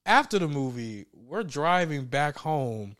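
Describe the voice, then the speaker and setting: A man co-hosting a casual chat, telling stories with loud laughing outbursts and mimicked voices. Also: a little high, very animated, unhurried, no echo, studio quality. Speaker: podcast co-host.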